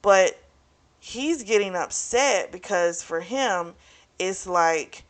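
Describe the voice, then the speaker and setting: A woman's voice: medium pitch, expressive, slow. A young woman casually recapping and reviewing a romance novel, chatty and frank, swearing freely and talking straight to her viewers. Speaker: book club vlogger.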